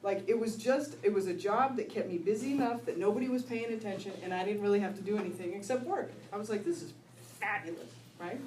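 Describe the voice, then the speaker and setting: Talking fast with hardly any pauses, a middle-aged woman shares her personal recovery story with an audience in a warm, mid-range voice, laughing frequently and tossing in "right?" The recording captures her distantly in an echoey room, with slight hiss or hum.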